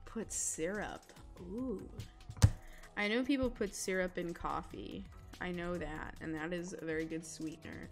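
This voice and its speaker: A woman's voice: fairly low pitch, measured pace, creaky, faint music behind. A young woman chatting casually with her chat while she draws, giggling often and rambling about food. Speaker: illustrator streaming live drawing.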